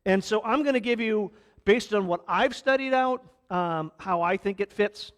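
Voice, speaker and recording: A man's voice: high voice, normal speed, a bit bright. A male pastor giving a conversational sermon, restarting his sentences and acting out quotes as he retells stories.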